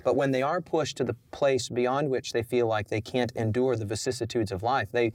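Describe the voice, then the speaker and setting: A man's voice: medium pitch, fairly even intonation, normal speed, dry recording. A man hosting a faith discussion panel, speaking in an emphatic, reflective way. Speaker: host.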